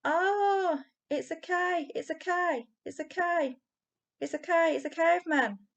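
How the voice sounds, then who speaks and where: A woman voicing a panicky young boy with a shrill, wailing voice. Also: steady tone, extremely slow, darkish tone. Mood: terrified.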